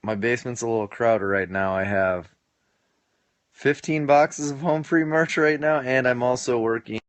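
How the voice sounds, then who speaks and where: A man in his late twenties hosts a casual live stream from his home basement, joking his way through viewer comments and laughing often. His voice is mid-range, his pace moderate, and the recording has no echo.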